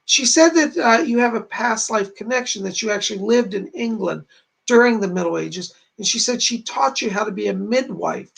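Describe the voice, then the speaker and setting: Streaming from home to camera, a psychic medium delivers readings in a high, gravelly, somewhat bright voice with lively intonation and moderate pace. The audio is poor. He is chatty, earnest, and reassuring, repeatedly passing messages on with "she said."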